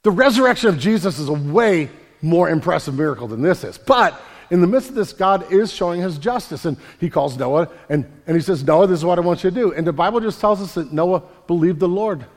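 A pastor preaching an emphatic sermon in a church, often repeating words and swinging from loud to quiet. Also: male voice, sits high, animated, a little fast. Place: church sanctuary. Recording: long hall reverb.

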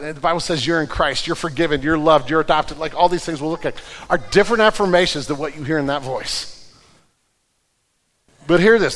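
Man preaching in an echoing hall. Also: a little high. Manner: drops to a hushed voice for key lines, then builds up loud; repeats words as he restarts. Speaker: pastor. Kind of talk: sermon. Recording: reverberant hall.

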